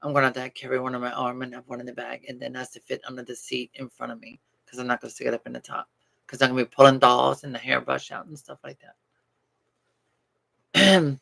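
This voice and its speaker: A man chatting casually to viewers about travel plans in a rambling, animated way with easy laughs. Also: mid-range voice, fast, gravelly. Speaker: doll channel vlogger. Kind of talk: casual chat.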